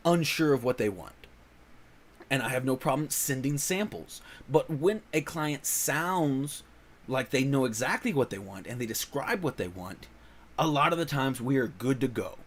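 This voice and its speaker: A man talking loosely and animatedly as a channel host, his voice sitting in an ordinary middle pitch. He rambles with plenty of fillers and self-corrections, laughing often. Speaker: voice-over actor and comics channel host. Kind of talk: casual rambling chat.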